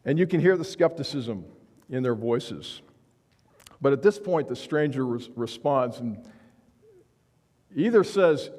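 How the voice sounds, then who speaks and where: A man's voice: mid-range voice, very animated, normal speed, a little mellow, in a large hall. A male pastor preaching a sermon in a church sanctuary, speaking earnestly and with emphasis, often restarting his phrases.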